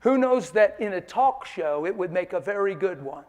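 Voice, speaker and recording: Male preacher, high voice, animated storytelling sermon style. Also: moderate pace, long reverb tail. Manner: animated storytelling, laughs often.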